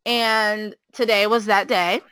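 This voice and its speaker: A woman, a preschool teacher, chatting casually and telling an animated story, acting out the quotes with a higher voice. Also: takes it slowly, clear, resonant tone, no room sound, poor audio.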